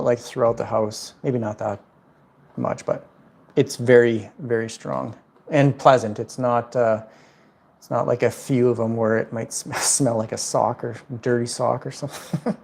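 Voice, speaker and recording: This man's mid-range voice is creaky and a bit mellow. He's at home indoors running a relaxed plant livestream, chatting in a rambling way and taking questions from viewers.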